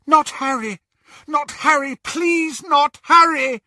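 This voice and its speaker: A man's voice: very high voice, slow, sharp tone, no echo, studio quality, pitched above the performer's own voice, heavily acted. A man voicing a desperate young mother who screams and begs for her child. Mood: frantic pleading. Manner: frantic screaming pleas.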